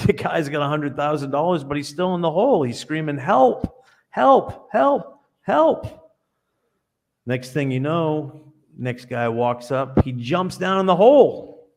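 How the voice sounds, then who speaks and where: A man's voice: fairly high pitch, normal speed, a little mellow. An earnest man guests on a podcast over a video call. He talks like a preacher, spinning parables and stories with conviction. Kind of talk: conversational interview.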